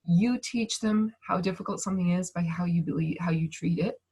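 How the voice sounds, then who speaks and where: Woman, 30s, breathy and low-pitched, calm coaching talk by video call. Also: fairly quick. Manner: gentle, reassuring, thinks aloud with restarts. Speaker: speaker on emotions and manifestation.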